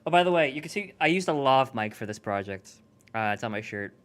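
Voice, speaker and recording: A man's voice: mid-range voice, animated, fast, fairly bright tone. A man hosting a casual livestream commentary, chatty and self-deprecating. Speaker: host.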